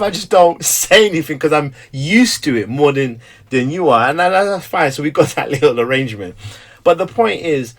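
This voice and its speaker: A middle-aged man, a stay-at-home father who also preaches, talking candidly in an animated, storytelling way with frequent laughter. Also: fairly high pitch. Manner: animated storyteller, acts out quotes, laughs often. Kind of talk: candid conversation.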